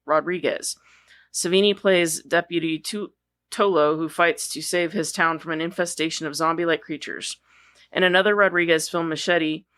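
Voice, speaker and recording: A woman's voice: deep voice, pushed and bright. A woman co-hosting a casual film podcast, reading a profile aloud and now and then stumbling over words before correcting herself. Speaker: podcast co-host.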